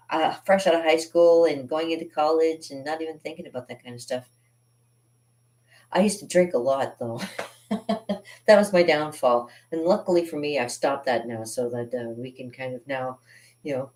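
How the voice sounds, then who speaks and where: A woman's voice: low voice, a little mellow. A woman artist hosting a live drawing stream, chatting casually and rambling with frequent laughs as she teaches.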